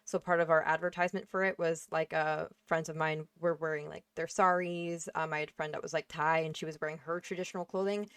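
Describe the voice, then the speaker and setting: A young woman on a casual panel, speaking bluntly and swearing freely, with lots of "like" and "um". Her voice sits a little low, and the recording is dry and close. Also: fairly even intonation, fairly quick, few pauses, clear, resonant tone, no echo. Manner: blunt, emphatic, swears freely, many fillers.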